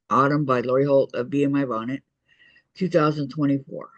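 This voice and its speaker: A man's voice: mid-range voice, steady tone, fairly quick, a bit bright, no echo, poor audio. A man hosting a quilting shop's online meeting. He talks casually through a crafting demonstration, muttering to himself as he works and reading out viewer messages.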